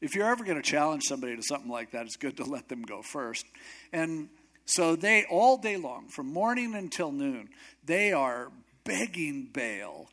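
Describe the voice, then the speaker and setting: A man's voice: on the high side, expressive, measured pace, a bit bright. Joking, casual male pastor. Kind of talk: sermon.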